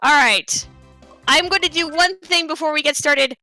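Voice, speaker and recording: A woman's voice: high-pitched, normal speed, bright, forceful tone, soft background music. A woman speedrunner giving casual, chatty live commentary on a role-playing game, with lots of fillers and a playful tone.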